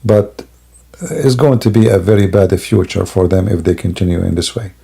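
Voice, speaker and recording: Sleepy home streamer, man, dark gravelly voice, rambling monologue. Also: low-pitched, normal speed. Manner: rambling, broken grammar, many fillers. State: sleepy and yawning. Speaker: Christian apologist streamer. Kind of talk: casual live-stream monologue. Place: home, at a computer at night.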